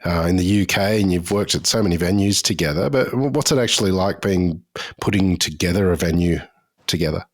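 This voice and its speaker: Very deep-voiced male podcast host. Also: a little fast. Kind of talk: interview questions.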